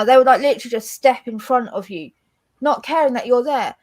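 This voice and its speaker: An English woman with a slightly high voice chats casually as a co-host. She is blunt and animated, and she swears freely as she talks. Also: fairly quick. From England. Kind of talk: casual chat.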